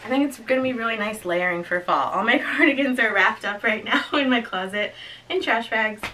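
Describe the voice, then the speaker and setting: Bright, giggly young woman vlogger. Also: a little high, brisk, a little hiss or hum, poor audio. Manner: chatty and giggly, talking to herself as she goes. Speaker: vlogger reviewing a clothing box. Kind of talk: casual unboxing chat.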